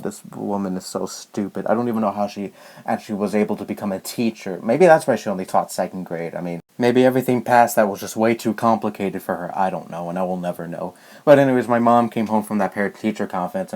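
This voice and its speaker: A young vlogger vents about a personal experience to the camera, his low-leaning, somewhat mellow voice rambling in exasperation with plenty of false starts and fillers.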